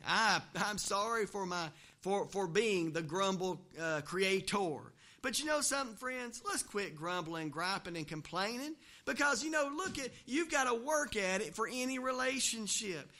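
A man's voice: very high voice, pushed and bright. A male pastor, preaching a sermon in a folksy, conversational way with joking asides in a church. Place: church, also livestreamed.

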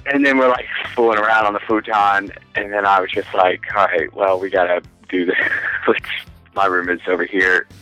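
A man's voice: lowish voice, level tone, normal speed, bright, forceful tone, no room sound, highs cut off, soft background music. A man in his twenties, a podcast guest, telling a long rambling story in casual, profane chat with frequent laughs.

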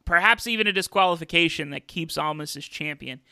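Host type: bright, crisp male voice with gravelly fry, casual wrestling chat, dry close mic. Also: on the high side, brisk, no room sound. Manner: chatty, with many fillers and restarts. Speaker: podcast host.

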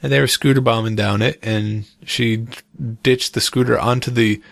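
Gravelly, laughing storyteller man. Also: medium pitch, fairly even intonation, moderate pace, fairly bright tone, no echo, clean studio sound. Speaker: podcast co-host, parent. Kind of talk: casual chat.

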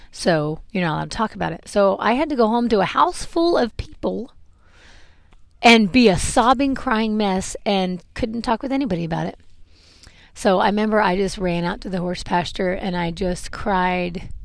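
A woman hosting a podcast, telling a painful personal story in a halting, emotional way with many fillers. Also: mid-range voice, creaky, no room sound. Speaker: podcast host telling her life story.

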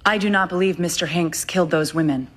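An actress playing a calm, matter-of-fact female criminal psychologist testifying in a TV legal drama. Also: fairly low pitch, fairly quick, noisy background, lightly acted.

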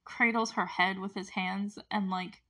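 A woman casually recapping a TV episode, chatty and animated, with lots of fillers and asides. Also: mid-range voice, measured pace. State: close to tears at moments. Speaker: show recap host.

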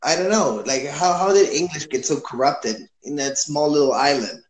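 An easygoing man from Chile chats and laughs with a friend. His voice sits a little high for a man. The recording picks up a noticeable room echo around him. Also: moderate pace. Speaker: chat partner. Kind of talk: casual chat. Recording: echoey room.

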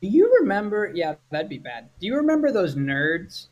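A man's voice: high voice, very animated, moderate pace. A man co-hosting a podcast, chatting casually and rambling with trailing thoughts. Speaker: podcast co-host. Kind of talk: casual chat.

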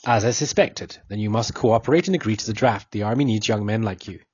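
A man's voice: on the low side, fast talker, a little mellow, breathy edge, no room sound, highs cut off. A man voicing a stern, cold army officer who judges a prisoner, speaking in a curt, commanding way.

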